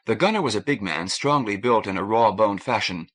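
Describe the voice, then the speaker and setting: A man reading a science fiction novel as an audiobook narrator, measured and even. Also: fairly low pitch. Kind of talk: scripted narration.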